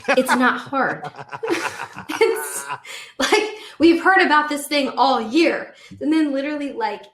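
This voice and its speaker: Young woman guest, talky storyteller, slightly high voice, roomy echo. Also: slow, a little hiss or hum. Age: 20s. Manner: animated, chatty, filler-heavy. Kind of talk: casual storytelling.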